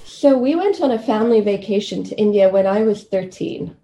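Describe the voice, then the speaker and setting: A woman in her thirties from Kenya, a guest telling childhood stories in a relaxed, reflective way with easy laughter. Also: medium pitch, a little fast. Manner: reflective, easygoing, often laughing. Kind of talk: casual storytelling interview.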